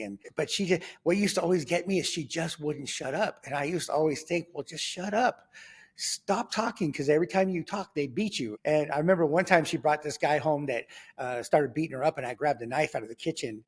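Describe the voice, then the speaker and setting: A man in his sixties telling his life story in conversation, lively and rambling, with lots of fillers and sudden jumps in pitch when he acts out other people's voices. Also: slightly rough. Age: 60s. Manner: loose and rambling, full of fillers and restarts. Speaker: guest sharing his testimony.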